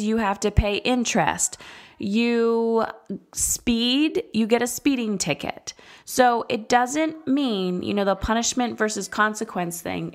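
A woman in her thirties hosting a solo parenting podcast, speaking candidly and conversationally, slowing down to stress key points. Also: mid-range voice. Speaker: podcast host and parenting coach.

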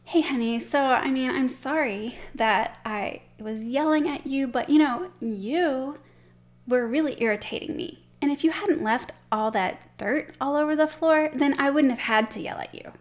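A woman's voice: sits high, moderate pace, natural voice. A woman acting out a defensive wife's bad apology. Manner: defensive, justifying, exasperated. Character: wife giving a defensive, blaming apology to her husband.

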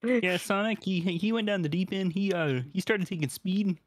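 A man's voice: sits high, normal speed, dry recording, voice pushed up. A man putting on a frog puppet voice in an improvised bar bit on a game stream, hesitant and full of ums. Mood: mopey. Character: boozy frog puppet man, down on his luck.

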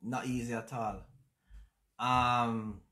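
A man with a Jamaican accent hosting a casual livestream chat, speaking in a reflective, halting way with many fillers. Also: mid-range voice, flat delivery, pushed and bright. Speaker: channel host. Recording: roomy echo.

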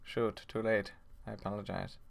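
A man's voice: on the low side, level tone, moderate pace, gravelly. A man casually commenting while playing a game, with wry asides. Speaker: let's play host. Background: game music.

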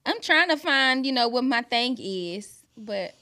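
Lively, laughing woman guest. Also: a little high, unhurried. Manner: laughing, joking, slangy. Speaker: guest, musician and actress. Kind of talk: casual chat.

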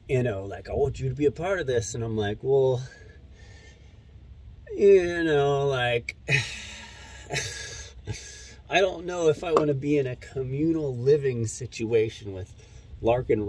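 A male commentator with a medium-pitched, darkish voice casually relates a conversation with a friend in a rambling monologue with lots of fillers. Slight background noise is audible.

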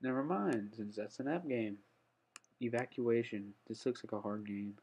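A man's voice: mid-range voice, moderate pace, creaky, darkish tone, husky. A young man giving casual let's-play commentary, often blurting startled "oh"s and humming while he plays. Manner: frequent startled "oh" exclamations while playing; hums "da da da" while concentrating. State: slightly out of breath. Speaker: gaming channel host.

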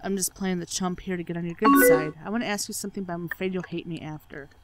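A woman's voice: lowish voice, fairly even intonation, fast, over loud music, poor audio. A woman doing game playthrough commentary, sarcastic and swearing freely as she reads the on-screen chat aloud. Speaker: let's play gamer.

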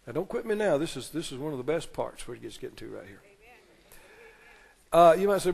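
A man preaching a sermon as pastor, retelling scripture with animated, dramatic delivery. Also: a little high, normal speed, vocal fry, pauses often, husky, long reverb tail.

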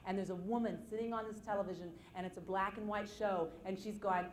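On stage before an audience, a woman delivers a motivational seminar talk at medium pitch and a fast clip. She spins personal stories with self-deprecating humor, animatedly acting out the voices she quotes. The sound is reverberant, with slight background noise.

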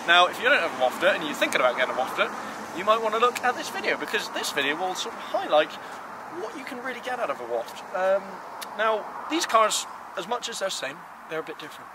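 A man presenting cars in a casual, enthusiastic vlog walkaround, talking emphatically and playfully. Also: sits high. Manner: playful, emphatic, lively rises on praise. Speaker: car vlogger presenting cars. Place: outdoors beside parked cars. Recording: outdoor street noise behind.

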